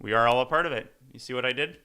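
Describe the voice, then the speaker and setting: Brief: male chess commentator, very bright voice, playful and rambling. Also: mid-range voice, clean tone. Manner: playful, rambling, quick jokes. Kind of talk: casual live commentary.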